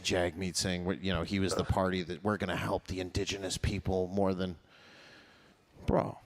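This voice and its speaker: Low-voiced man doing crude stand-up. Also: level tone, moderate pace. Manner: crude, mocking, laughs at own jokes. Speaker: stand-up comedian.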